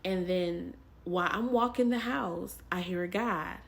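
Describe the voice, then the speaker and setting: Slow, gravelly-voiced woman telling her testimony. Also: on the low side. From Texas. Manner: rambling, many fillers and repeated phrases. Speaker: vlogger. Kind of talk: personal faith testimony, casual storytelling.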